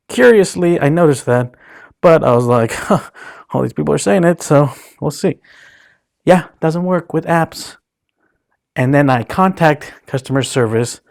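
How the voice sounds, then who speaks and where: A man's voice: medium pitch, darkish tone. A man hosting his own podcast, telling a long story as a casual, profane rant and acting out the people he quotes. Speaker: podcast host.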